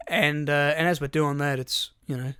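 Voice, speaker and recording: A young Australian man telling a long casual story on a podcast, swearing freely as he goes. His voice sits a little high and comes across bright and edged. The sound is dry and close, with no room around it. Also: fairly even intonation, normal speed, clean tone, dry recording. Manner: rambling, swears freely, acts out voices in quotes. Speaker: podcast co-host.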